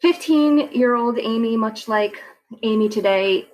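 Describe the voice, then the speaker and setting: A woman's voice: fairly high pitch, a little slow, darkish tone, poor audio. Chatty woman guest, laughs easily. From Long Island, New York. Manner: chatty, laughs easily, many "you know" fillers. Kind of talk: casual interview chat.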